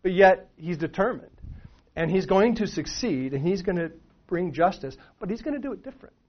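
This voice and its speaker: A man's voice: sits high, animated, a little fast. A middle-aged man preaching a sermon in a conversational way, full of restarts and rhetorical questions. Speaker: pastor. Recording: dull lo-fi sound.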